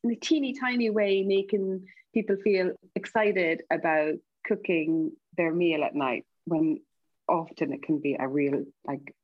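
An Irish woman, a TV cook and guest, chatting casually and acting out her stories with lively, jumping voices. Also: measured pace, no echo. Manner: animated, acts out quoted dialogue with big pitch jumps. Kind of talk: casual storytelling chat. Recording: slightly dull, lo-fi podcast audio.

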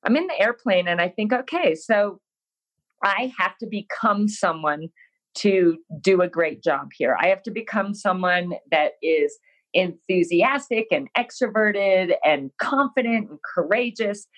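A woman's voice: medium pitch, a little slow, rough recording. A woman guest in an interview, telling a personal story in a frank, self-deprecating way and acting out her own past words. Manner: frank, self-deprecating, animated when quoting herself.

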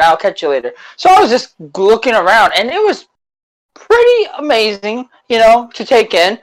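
A man co-hosting a podcast, telling stories in casual chat with a relaxed, self-deprecating manner. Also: sits high, poor audio. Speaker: podcast co-host.

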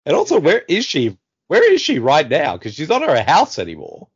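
A man's voice: on the high side, wildly swooping pitch, a little fast, slightly rough. A man casually chatting through a film as a commentary co-host, joking and making playful asides. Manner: jokey, playful asides with silly voices. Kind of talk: casual movie commentary chat. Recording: dull lo-fi audio.

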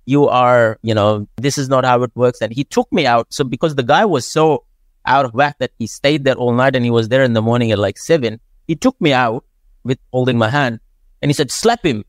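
A man's voice: medium pitch, no room sound. A man hosting a podcast, chatty, sharing his own stories and tagging lines with "right?". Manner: chatty, tags sentences with "right?". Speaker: podcast host. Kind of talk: casual podcast interview.

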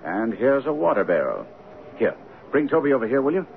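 A brisk, commanding detective from an old radio drama. He speaks with crisp precision and a lively, swooping pitch. The sound is tinny and narrow, with a faint hiss behind it. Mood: eager. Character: brisk, commanding male detective, middle-aged. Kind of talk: 1970s radio drama acting.

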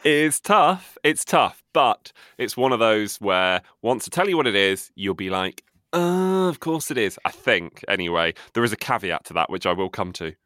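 A man's voice: fairly low pitch, animated, moderate pace, few pauses, pushed and bright, dry recording, studio quality. A man co-hosting a podcast in casual chat, running a quiz with a teasing, playful delivery. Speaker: podcast co-host.

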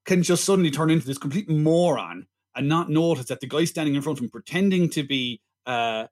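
Casting: male co-host, fairly high voice, quick to laugh and interrupt. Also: animated, darkish tone. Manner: laughing, chiming in, pushes back on the riffs. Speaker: podcast co-host. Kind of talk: casual film review chat.

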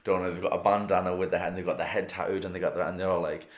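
A man's voice: deep voice, little pitch movement, rapid-fire. A man in his twenties from England, a comedian guest telling rambling stories and laughing through his words on a podcast. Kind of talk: casual podcast storytelling. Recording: roomy echo.

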